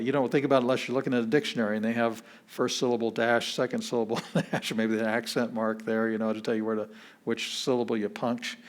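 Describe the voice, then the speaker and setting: A man, a pastor, teaching an introductory Greek class in a relaxed, chatty way, repeating words slowly to show how they are said. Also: mid-range voice.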